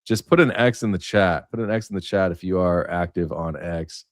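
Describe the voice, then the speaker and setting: A man's voice: low-pitched, normal speed, dry recording, studio quality. A man hosting a casual livestream, telling stories in a rambling way with many fillers. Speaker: livestream host.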